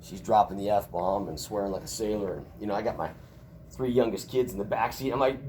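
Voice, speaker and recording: A man's voice: fairly low pitch, brisk, a little mellow, a little hiss or hum. A middle-aged man teaching a college class in a casual, joking storytelling manner. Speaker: college instructor.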